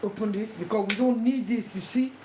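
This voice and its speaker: Speaking briskly in a voice on the high side, a home cook runs through a cooking demonstration in her kitchen, guiding the viewer step by step and repeating instructions over and over. Sizzling and echo are audible.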